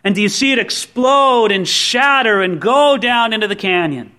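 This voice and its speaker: Man, pastor, sermon, high-pitched voice, vivid storytelling with acted-out voices. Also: normal speed. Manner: lively storytelling, acting out quoted voices; asks the listeners direct questions.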